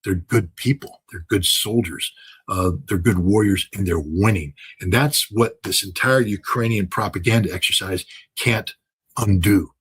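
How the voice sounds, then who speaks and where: A man's voice: on the low side, a little slow, a bit bright, slightly rough, rough recording. An older man giving impassioned commentary, talking emphatically with many fillers, restarts and repetitions.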